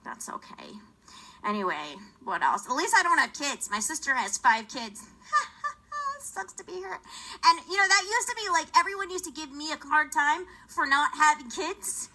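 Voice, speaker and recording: A woman doing a stand-up comedy set on a church stage, chatty and rambling, jumping between loud bits and muttered asides. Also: high-pitched, very animated, moderate pace, poor audio. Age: adult, not young.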